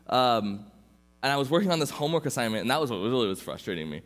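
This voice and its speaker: A man's voice: mid-range voice, animated, fast talker, a bit bright. A young adult man preaching as a youth pastor, telling a personal story informally with restarts. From Southern California. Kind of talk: sermon. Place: church sanctuary. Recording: long reverb from a church hall.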